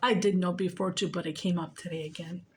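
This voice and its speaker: A woman's voice: on the low side, steady tone, fast, a little hiss or hum. Profane, rambling woman vlogger. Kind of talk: casual rant to camera.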